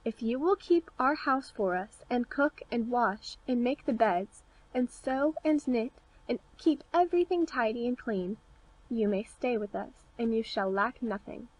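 Small, excitable dwarf men from a fairy tale, put on by a woman narrator. Their questions pop out high and a bit louder than the narration, full of wonder. The voice sits fairly high throughout. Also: unhurried, rough recording. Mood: earnest. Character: seven little dwarf men, puzzled then amazed.

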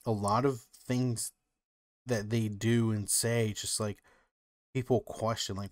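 A man's voice: lowish voice, steady tone, takes it slowly, no room sound, studio quality. A man co-hosting a podcast, chatting casually and rambling, with lots of "like" and "you know". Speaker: podcast co-host. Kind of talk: casual chat.

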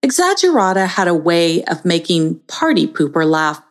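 A woman narrating a children's story in an expressive, storytelling manner. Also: on the low side, normal speed.

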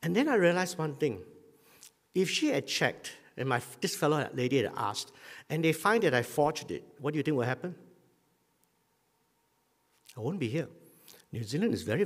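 A man preaching a sermon as pastor, telling a personal story and clearing his throat often. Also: a little high. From Malaysia. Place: church hall. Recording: hall reverb.

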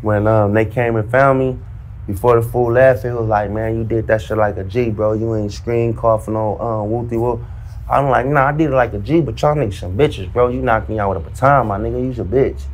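A man in casual storytelling, animated and slang-heavy, acting out the dialogue as he goes. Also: mid-range voice, brisk. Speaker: storyteller recounting prison life. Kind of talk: casual storytelling in a played interview clip.

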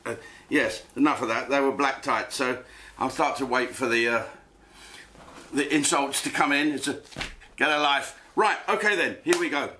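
A man's voice: mid-range voice, normal speed, pushed and bright, a little hiss or hum. A man hosting a comedic rant from his home den, crude and rambling, swearing freely. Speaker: host.

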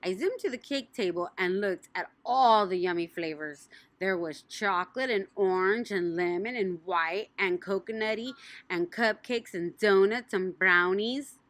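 A woman narrating a children's audiobook in an animated, playful way. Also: mid-range voice, unhurried, dry recording. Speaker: audiobook reader.

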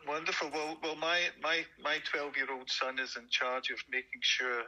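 A man joining a casual chat over a video call, talking haltingly and repeating his words. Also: medium pitch, monotone, sharp tone, rough recording. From Scotland. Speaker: guest.

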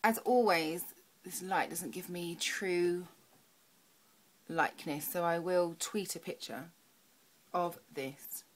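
A woman's voice: on the low side, slow, pauses often, slight background noise. Chatty young woman doing makeup. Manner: chatty, talks to herself while working, soft murmurs. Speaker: beauty vlogger. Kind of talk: makeup tutorial chat.

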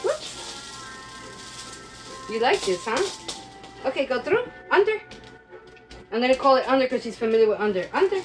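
A woman's voice: a little high, big pitch swings, moderate pace, pauses often, recorded from a distance, faint music behind, poor audio. A woman filming a pet vlog, praising and coaxing her dog in a playful sing-song voice and giggling often.

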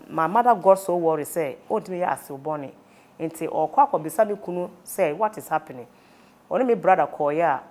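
A woman with a Ghanaian accent, a guest earnestly recounting a personal ordeal, switching between languages. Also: lowish voice. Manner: earnest, rapid mix of Twi and English. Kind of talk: personal testimony.

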